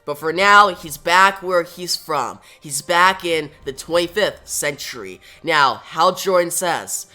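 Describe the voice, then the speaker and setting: A man recapping a comic book story in a casual, plain way, moving from scene to scene with "now". His voice is bright and forceful and sits a little high. Faint music plays behind him. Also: expressive, slow pace, hardly any pauses.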